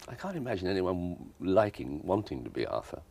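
An older man from South answers questions in a televised interview. His voice sits very low, yet it swoops up and down a lot. He talks in a wry, self-deprecating way, stopping and repeating himself as he thinks. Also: big pitch swings, brisk, gravelly, warm tone. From South London. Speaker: guest actor. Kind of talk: broadcast interview. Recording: TV studio interview from 1983.

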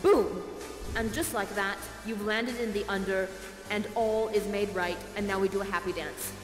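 An actress playing Rhonda, a bubbly, encouraging dance guide leading the audience through a playful performance in a live virtual theater show. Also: female voice, mid-range voice, steady tone, moderate pace, reverberant, long reverb tail, over music, natural voice.

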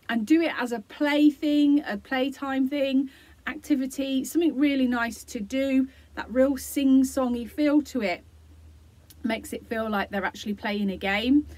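A woman explaining, gently and encouragingly, how parents can use a song for self-care routines, with many fillers. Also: on the high side. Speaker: early years support practitioner. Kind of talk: instructional video for parents.

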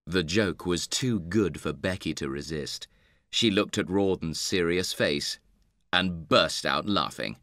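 Deep guy reading a story for english learners, steady, dry sound. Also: no echo. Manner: measured, clear reading. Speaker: narrator.

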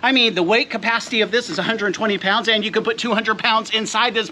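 Middle-aged guy, high bright voice, goofing around hyping gear to his viewers outside by the car. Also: steady tone, fast, hardly any pauses, a little hiss or hum. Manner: playful hype, talks straight to viewers. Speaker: vlogger reviewing gear. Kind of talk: jokey product unboxing vlog. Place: outdoors by a car.

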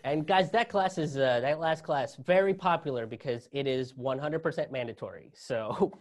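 A man's voice: mid-range voice, normal speed. Sarcastic male stand-up comedian. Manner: sarcastic, laughs at own jokes.

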